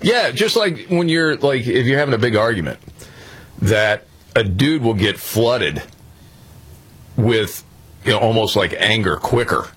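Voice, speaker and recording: A man's voice: mid-range voice, a little slow, pauses often, breathy edge. A man hosting a radio show, chatting casually and telling stories with easy fillers. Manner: relaxed storytelling with fillers.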